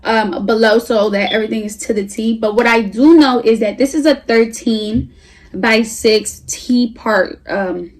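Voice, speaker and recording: A woman's voice: a little high, a little slow. A young woman, reviewing a wig in a casual vlog at home, chatty and hyped, a little out of breath. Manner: chatty, slangy, hyped and animated. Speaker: beauty vlogger.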